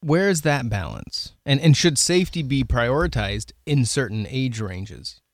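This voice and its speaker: A man hosting a casual interview, thoughtful and halting, often repeating words as he works out a point. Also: mid-range voice, animated, dry recording, studio quality. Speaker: podcast host.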